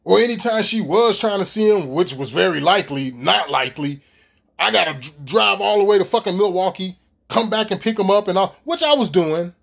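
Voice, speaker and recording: Casting: middle-aged man, high-pitched voice, profane and animated vlog rant to the audience. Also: brisk, gravelly. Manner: profane, animated, street slang, talks straight to viewers. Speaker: vlogger. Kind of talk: casual ranting monologue to camera.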